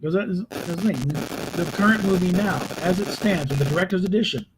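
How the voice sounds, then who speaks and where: A man's voice: high-pitched, fairly quick. A man with a slightly raised voice talks through a film review in loose, unscripted commentary, circling back and restarting his sentences. He sounds exasperated at times. A faint hiss and occasional clicks sit under the recording. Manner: rambling, with frequent restarts and exasperated asides. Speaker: video host reviewing a film.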